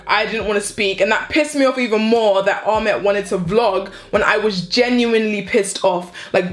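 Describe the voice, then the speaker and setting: A young woman, telling a story time vlog with repeated rhetorical questions. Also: a little high. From born in the UK, raised in New Jersey and Florida. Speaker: vlogger. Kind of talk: story time, casual chat.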